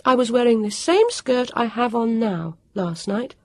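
An indignant, frazzled young girl, as a woman puts her on in an audiobook. The voice rides well above the narrator's, swinging widely, with a husky grain. It sounds close and dry. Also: fairly high pitch, lively intonation, a little slow, no echo, pitched above the performer's own voice. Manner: indignant, rising to loud outbursts.

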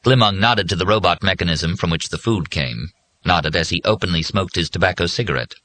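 Man, audiobook narrator, very deep voice, bright forceful tone, measured even reading. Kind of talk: scripted narration.

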